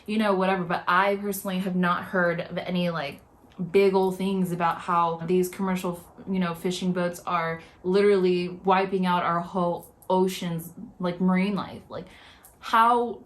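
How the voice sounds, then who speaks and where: A woman's voice: lowish voice, flat delivery, normal speed. A young woman vlogging her reaction, talking in an upset, rambling way with many filler words. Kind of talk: emotional reaction commentary.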